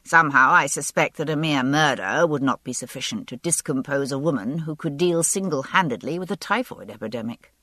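A cool, ironic gentleman as a woman narrator gives him voice answers with unruffled poise. The read is low-pitched, and the recording is dry and close. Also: brisk, hardly any pauses, dry recording. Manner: self-possessed, ironic. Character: composed, ironic male governor, dry wit. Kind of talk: audiobook character voice.

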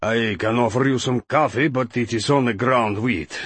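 An audiobook narrator voicing a patient, guarded male translator with a measured, level delivery. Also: mid-range voice, a bit bright, breathy edge, dry recording. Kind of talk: audiobook character voice.

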